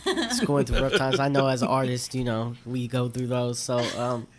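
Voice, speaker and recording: A man's voice: medium pitch, moderate pace. A man from Stockton co-hosting a morning radio show, bantering and teasing playfully.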